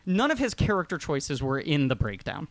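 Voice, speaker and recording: Wry guest actor, slightly high voice, dry, close-up sound, quick riffing. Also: male voice, sing-song, no echo. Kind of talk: casual comedic movie discussion.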